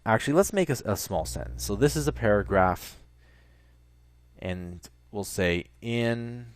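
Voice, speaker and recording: A man teaching a coding tutorial, calmly talking through each step as he types. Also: medium pitch, no echo. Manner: relaxed, talks through steps as he types. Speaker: coding instructor. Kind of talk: screen-recorded coding tutorial.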